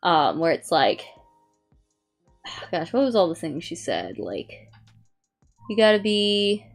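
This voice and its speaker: A woman's voice: on the low side, very animated, slow, gravelly, faint music behind. Rambling young woman streamer, lots of "like". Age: young adult. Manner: rambling, many "like" fillers, reads aloud from a review. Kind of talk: casual chat.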